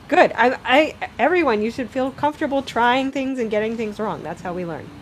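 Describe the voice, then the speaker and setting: A woman's voice: a little high, expressive, moderate pace, slight background noise. Encouraging woman teaching singing online. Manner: encouraging, demonstrates phrases by singing. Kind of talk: online vocal workshop. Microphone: video call.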